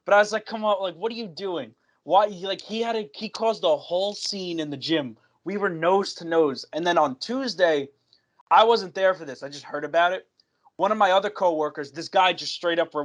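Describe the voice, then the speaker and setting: Young man with a higher voice telling a story. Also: fairly quick. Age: young adult. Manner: animated storyteller who acts out quoted dialogue. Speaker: podcast co-host telling a work story. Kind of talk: casual podcast chat.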